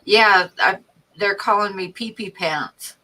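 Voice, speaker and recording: A woman's voice: mid-range voice, slow pace, sharp tone, low-quality recording. A woman who hosts a livestream and chats lightly, giggling as she talks. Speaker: channel host. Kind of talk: casual group chat on a livestream.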